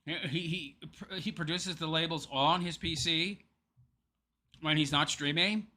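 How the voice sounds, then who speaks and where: A man's voice: fairly high pitch, a little slow, sharp tone. A man hosting a commentary show, talking sarcastically over a clip and laughing often at his target. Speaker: show host.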